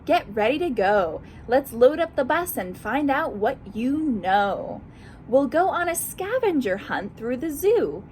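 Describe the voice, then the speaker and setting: An excited storybook schoolteacher calls her class together with cheery announcements, as a woman reads her aloud. The voice is high and lively, and it swoops up and down. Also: a little slow, a little hiss or hum.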